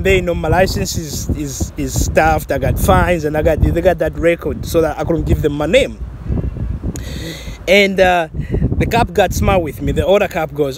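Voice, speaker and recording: A man's voice: high voice, a little hiss or hum. A man from Zambia casually telling a personal story, rambling with many restarts and fillers and laughing at himself. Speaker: vlogger.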